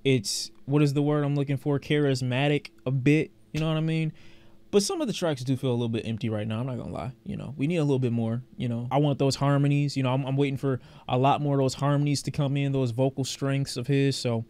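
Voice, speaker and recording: With album music playing in the background, a male music reviewer rambles chattily through his reaction, repeating words and singing along. He talks fast in a mid-range voice that sounds clean and darkish.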